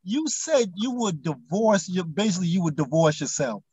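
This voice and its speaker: Husky man, blunt and teasing. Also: high-pitched, big pitch swings, normal speed, a little mellow, dry recording. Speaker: co-host reviewing a reality show. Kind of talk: casual chat.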